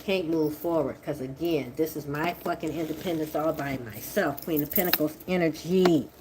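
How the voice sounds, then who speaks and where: Woman, tarot reader, cursing, swings from mutters to yelling, light background hiss. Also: normal speed. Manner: profane, confrontational, swings from low mutter to shouting. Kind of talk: angry tarot reading monologue.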